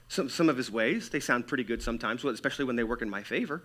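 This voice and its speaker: A man preaching a sermon to his church, swinging between loud emphatic stretches and hushed, near-whispered lines. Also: mid-range voice, lively intonation, very fast, few pauses. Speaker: pastor.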